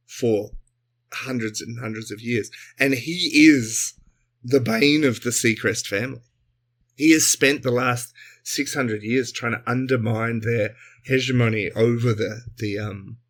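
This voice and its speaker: A man tells a ridiculous improvised story on a comedy podcast. His voice sits at an everyday middle pitch, and he slips in and out of comic character voices with a loose, joking manner. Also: fairly bright tone. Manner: playful, puts on voices mid-story. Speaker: podcast co-host.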